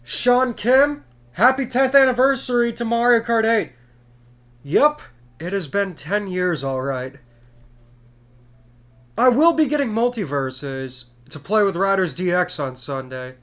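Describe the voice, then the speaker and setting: A man in his twenties, congested from a cold, chatting in a chatty, excitable way while streaming a game. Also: sits high, a little slow. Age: 20s. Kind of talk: casual live stream chat.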